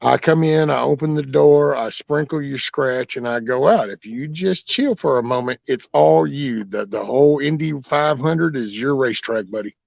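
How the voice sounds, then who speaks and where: A man's voice: medium pitch, moderate pace, gravelly, few pauses, a little mellow, no room sound. A man hosting a backyard chicken vlog, telling rambling, jokey stories in casual chat and swearing freely. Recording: dull lo-fi dry audio.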